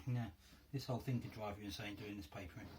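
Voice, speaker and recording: Heavy background noise surrounds this crafting video host, whose voice sits on the low side at a moderate pace. Speaking with a North London accent in his home workroom, he leads a relaxed hands-on tutorial, chatting and musing aloud as he goes.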